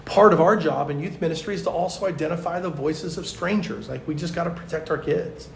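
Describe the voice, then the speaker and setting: A man, a pastor, teaching at a youth conference in a chatty, animated storytelling way, full of fillers. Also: a little high, a little fast, creaky, slight background noise. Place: large conference hall. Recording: echoey hall.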